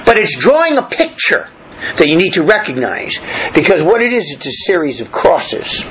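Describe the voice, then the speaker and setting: A man's voice: on the high side, sing-song, moderate pace, a bit bright, dull audio. A man preaching a sermon, reading verses aloud and explaining them in a plain, conversational way with many restarts. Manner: reads scripture aloud then explains it in plain talk. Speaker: pastor.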